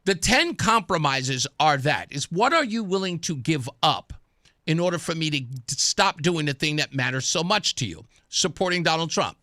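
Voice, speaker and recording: A man's voice: fairly high pitch, moderate pace, no echo, studio quality. Combative talk radio host, man. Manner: taunting, combative, gets loud and excited. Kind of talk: conservative talk radio monologue. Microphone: studio microphone.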